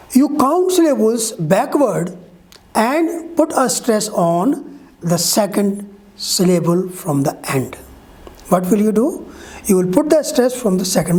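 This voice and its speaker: A woman's voice: mid-range voice, a little mellow. A woman teaching a pronunciation lesson, explaining rules step by step, spelling out letters and checking with "Okay?". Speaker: English teacher. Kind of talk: online grammar lesson.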